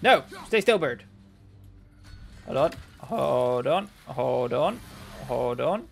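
A man's voice: mid-range voice, expressive, slow, creaky. A man giving sarcastic, chatty commentary while playing a video game and talking back to its characters. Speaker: let's play gamer. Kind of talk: casual gameplay commentary.

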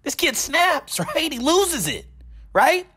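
A man's voice: very high voice, very animated, takes it slowly, bright, forceful tone. A man hosting a gaming channel, mockingly recounting online drama with a repeated catchphrase.

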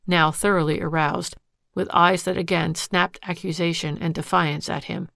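A woman narrating an audiobook in a measured, steady storytelling manner. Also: fairly low pitch, vocal fry, no room sound, studio quality. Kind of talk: scripted narration.

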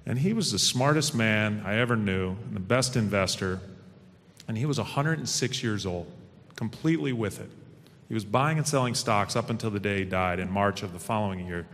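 A man's voice: lowish voice, moderate pace, a bit bright. A middle-aged man speaking as a panel guest at a fireside chat, folksy and confident as he tells stories. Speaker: stock exchange president, panel guest. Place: event hall. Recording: long hall reverb.

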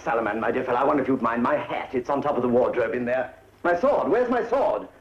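An actor playing a flustered, pompous colonial governor in a 1950s film comedy. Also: male voice, mid-range voice, expressive, quick pace, slight background noise, lightly acted. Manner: fussy, fluttery and pompous. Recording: echoey, muffled 1950s film soundtrack.

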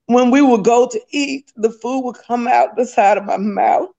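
A woman gives a fervent spoken religious testimony. Her voice sits high and gravelly, and she talks in a tearful, repetitive way. The recording sounds dull and lo-fi. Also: moderate pace, warm tone. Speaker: testimony speaker.

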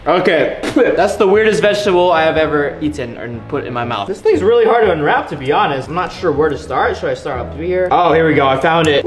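High-voiced excitable young man tasting food. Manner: excitable, chatty, lots of tasting noises. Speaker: vlogger. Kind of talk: casual food taste-test vlog. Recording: echoey room with background music.

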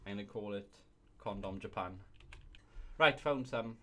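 This young man's voice sits fairly low, with a fairly bright tone and an unhurried delivery. Hosting a laid-back comedy video, he reads reviews aloud and keeps dissolving into giggling laughter.

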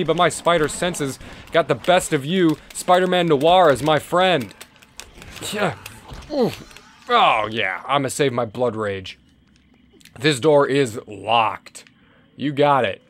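Excitable swearing man playing a game. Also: fairly high pitch, slow, a little hiss or hum. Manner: excitable, joking, swears often, reads game text aloud. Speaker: gameplay commentator. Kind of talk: profane let's-play commentary.

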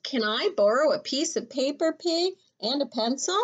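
A woman voicing an eager, chatty young male rabbit in a storybook, talking high and excited. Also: normal speed.

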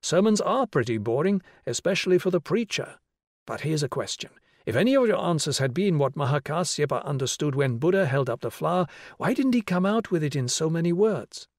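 A man's voice: fairly high pitch, lively intonation, a little fast, dry recording, studio quality, voice pushed up. A man reading the part of a patient, playful young male teacher who explains and questions a class of children. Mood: questioning. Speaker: schoolteacher. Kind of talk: audiobook character reading.

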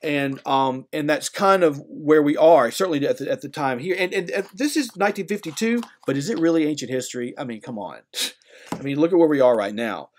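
A man's voice: a little high, fairly quick. A man lecturing a class on literature in a conversational way, often checking in with "okay?" and "right?". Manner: animated, acts out voices when retelling.

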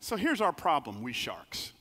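Male pastor, lively storytelling sermon, high bright voice, reverberant sanctuary. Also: normal speed. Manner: lively storytelling preacher, acts out quoted voices. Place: church sanctuary. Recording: long reverb of a large hall.

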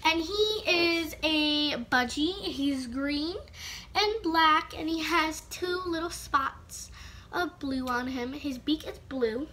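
A woman's voice: sits high, slow pace, sharp tone, a little hiss or hum. A female vlogger chatting casually to the camera, rambling with lots of fillers and restarts.

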